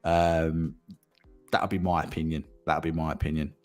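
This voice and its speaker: A man's voice: extremely low pitch, little pitch movement, moderate pace, soft background music. A man hosting a casual property livestream, chatting and reading out viewer comments, often repeating himself and laughing.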